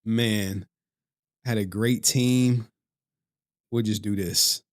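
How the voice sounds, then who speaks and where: A man's voice: lowish voice, fairly even intonation, very slow, long pauses. Laid-back man streaming to his chat. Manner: loose and profane, laughs often; talks straight to his chat. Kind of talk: casual live-stream chat.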